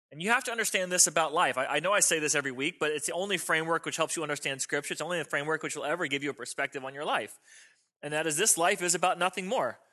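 A man's voice: on the high side, bright, forceful tone. A male pastor preaching a sermon to a congregation in a church, in a conversational style and joking with the listeners. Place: church sanctuary before a congregation.

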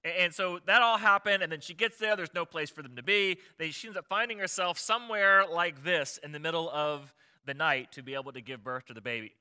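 A man's voice: fairly high pitch, fairly quick, few pauses, pushed and bright, clear, resonant tone. A man preaching a conversational sermon as a pastor, chatty and often asking his listeners rhetorical questions.

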